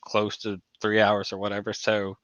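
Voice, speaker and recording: A man co-hosting a casual podcast, speaking in a halting, measured way. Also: lowish voice, completely flat delivery, fairly bright tone, dry recording, dull audio. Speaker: podcast co-host. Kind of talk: casual chat.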